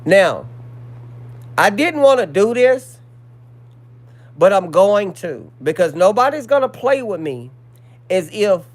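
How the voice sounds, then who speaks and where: A man with a high voice hosts a casual livestream, reading messages aloud to his viewers. He sounds indignant and speaks. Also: very animated, takes it slowly, pauses often. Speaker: livestream host.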